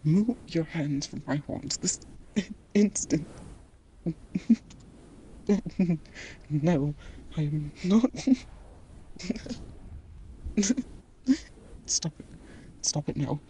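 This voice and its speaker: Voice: mid-range voice, drawn-out words, long pauses, warm tone, slight background noise. A performer voicing a haughty captured demon. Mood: resisting tickles. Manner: haughty, defiant, breaking into laughter. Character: captured proud demon with horns. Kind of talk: audio role-play.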